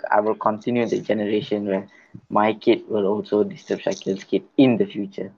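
Low-voiced halting male co-host. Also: little pitch movement, gravelly, a little mellow, muffled recording. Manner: hesitant, halting. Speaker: podcast co-host. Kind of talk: casual chat.

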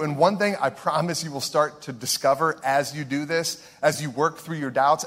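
A man's voice: a little high, fairly bright tone. A male pastor from Ohio preaching a sermon in an earnest, emphatic way, repeating his key phrases.

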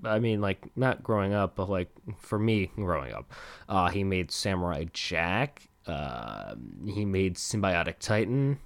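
A man's voice: deep voice, sing-song, measured pace, dry recording. A young man hosting a solo podcast, rambling casually and self-deprecating, swearing freely. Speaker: podcast host. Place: home desk. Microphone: close desk mic.

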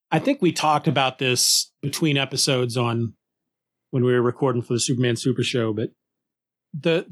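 A man talking casually as a podcast cohost, enthusiastic and lively, often restarting his sentences. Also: medium pitch, a little slow, long pauses. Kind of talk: casual conversation.

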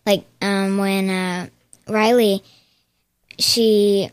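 Slow, giggly woman podcaster. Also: medium pitch, flat delivery, no echo. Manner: giggly, laughs often. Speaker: podcast co-host. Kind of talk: casual show recap chat.

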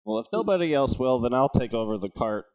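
A man's voice: mid-range voice, big pitch swings, quick pace, darkish tone. A man playing a tabletop game, practically sorting out who takes charge. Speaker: player. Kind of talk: casual banter at a game table.

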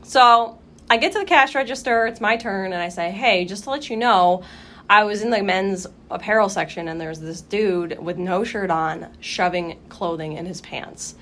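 A woman's voice: mid-range voice, moderate pace, a bit bright. Young woman cohost telling a wild story, swears a lot, acts out her reactions, bit of faint noise behind. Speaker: podcast co-host. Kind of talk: casual storytelling chat.

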